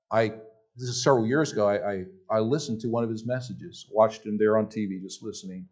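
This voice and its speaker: A man's voice: medium pitch, darkish tone. A man with a Southern US accent preaching a sermon as pastor in a church, emphatic and prone to repeating his words. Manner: emphatic, repeats phrases, stumbles on restarts.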